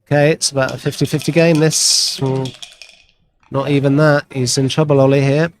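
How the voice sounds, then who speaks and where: A commentator calls a backgammon match live, chatty and easygoing, throwing in wry jokes and playful sound effects. His ordinary middle-pitched voice is flat in delivery at a moderate pace, with a little hiss or hum in the background.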